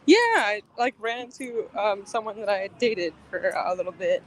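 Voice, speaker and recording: A woman's voice: medium pitch, normal speed, low-quality recording. A woman chatting casually outdoors on a phone, rambling with lots of filler words. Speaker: guest painter on a live stream. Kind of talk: casual chat. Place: outdoors on a street. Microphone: phone held while walking.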